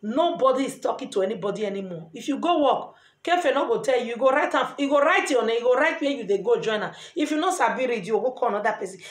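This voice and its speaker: A middle-aged woman with a Nigerian Pidgin English accent, earnestly giving lively advice in a casual vlog. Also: on the high side, fast. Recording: echoey room.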